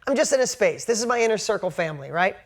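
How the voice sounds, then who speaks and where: A woman's voice: mid-range voice, sing-song, rapid-fire. A woman business coach telling a candid story to her coaching group, speaking bluntly and swearing casually.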